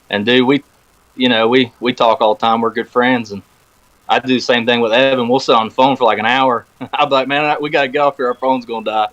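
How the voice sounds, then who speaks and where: A man's voice: mid-range voice, dull audio. A man chatting casually on a podcast, telling a long story and acting out the phone calls he quotes. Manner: animated storyteller, acts out quoted phone talk. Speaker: podcast guest. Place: podcast recording room.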